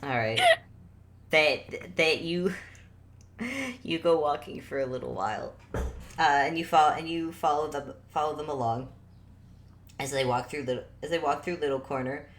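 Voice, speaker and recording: A woman's voice: deep voice, normal speed, long pauses. A woman narrating as game master in a laid-back, hesitant way, recording from home.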